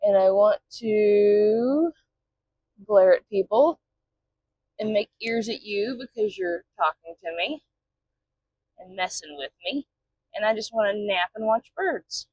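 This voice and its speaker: A woman's voice: mid-range voice, lively intonation, slow pace, long pauses, lo-fi sound. A woman voicing her grumpy, sleepy house cat, who complains about being bothered. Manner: annoyed, complaining.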